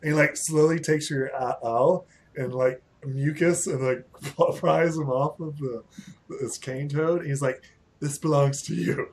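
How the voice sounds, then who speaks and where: Slow-paced male game master who laughs a lot and talks with many fillers. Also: fairly high pitch, steady tone, slight background noise. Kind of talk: narrating a tabletop game.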